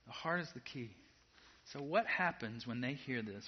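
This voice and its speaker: A man preaching a sermon to a congregation in a casual, direct way, moving between quiet asides and loud emphatic peaks. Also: medium pitch, expressive, normal speed, breathy edge. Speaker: pastor. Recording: dull lo-fi sound.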